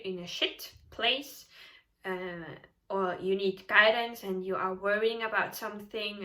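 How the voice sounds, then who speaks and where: A woman tarot reader giving casual vlog advice, animated and emphatic, often laughing. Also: medium pitch.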